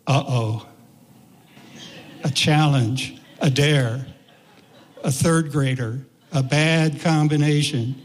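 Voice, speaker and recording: Storytelling man in a reverberant hall. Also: a little high. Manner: folksy, unhurried, with voiced quotes. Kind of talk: personal storytelling.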